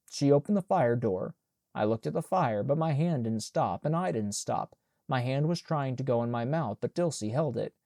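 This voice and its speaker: A man narrating an audiobook in a measured, plain and even manner. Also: mid-range voice, vocal fry, no echo, clean studio sound. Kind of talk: scripted narration.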